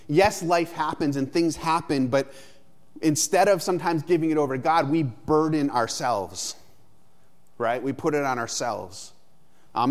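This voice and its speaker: A man in his thirties preaching a sermon in a loose, conversational way, often checking in with "right?". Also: medium pitch. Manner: conversational, frequent "right?" tags. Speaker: pastor.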